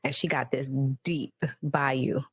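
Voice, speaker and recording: A woman hosting a casual podcast panel chat, telling stories in a lively way with laughter. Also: very deep voice, slow, breathy edge, dry recording. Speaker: podcast host.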